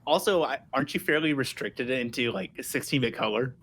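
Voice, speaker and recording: A man on a tech podcast explaining things haltingly in casual chat. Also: mid-range voice, fairly bright tone. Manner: halting, many restarts. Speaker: podcast co-host.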